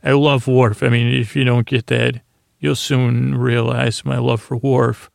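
Guy rambling thru a show recap to put you to sleep, gravelly, kinda monotone. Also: mid-range voice, measured pace, no echo, studio quality. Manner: meandering, hesitant, full of asides and restarts. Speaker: podcast host. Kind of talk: rambling bedtime episode recap.

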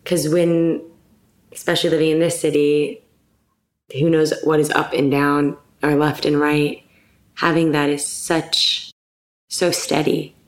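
A woman guest talking candidly in a casual, heartfelt conversation, animated and laughing often. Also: sits low, measured pace, roomy sound.

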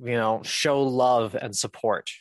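A man as a podcast guest, telling a personal story in a candid, casual way, laughing often and filling pauses with "um". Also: mid-range voice, fairly even intonation, no echo.

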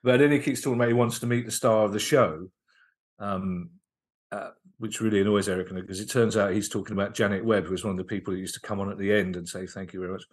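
A man with a fairly low voice tells comedy anecdotes as a podcast guest. He sounds enthusiastic and animated, tripping over his words and restarting sentences as he goes. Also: fast. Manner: lively, enthusiastic retelling with frequent restarts. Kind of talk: anecdotal storytelling in casual podcast chat.

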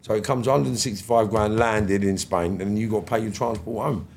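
Gravelly middle-aged man telling tales. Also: fairly low pitch, fairly quick, slight background noise. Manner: animated, acts out dialogue with slangy swearing. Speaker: podcast guest. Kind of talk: casual storytelling interview.

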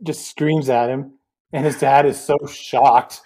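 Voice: mid-range voice, steady tone, takes it slowly, darkish tone. A podcast co-host casually recapping a comedy film, making jokey asides, laughing a lot and mimicking characters. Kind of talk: casual movie recap chat.

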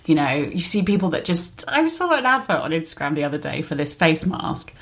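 A woman talking as a guest author in a relaxed podcast chat. She is animated and chatty and laughs often. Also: low-pitched, a little fast, creaky. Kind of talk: casual chat.

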